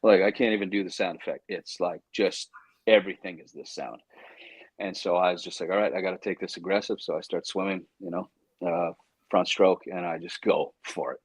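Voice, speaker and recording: A man's voice: sits low, fairly quick, slightly rough, no room sound, rough recording. A man, an actor guest on an interview show, telling a story animatedly, acting out his own inner voice and stumbling over restarts. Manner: frequent restarts and stammers when excited.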